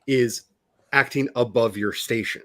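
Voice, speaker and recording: Casual podcast co-host, man, rambling, middle-pitched, dry studio sound. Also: fairly even intonation, a little slow, a bit bright, no room sound. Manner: rambling, self-reflective, with restarts. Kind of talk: casual chat.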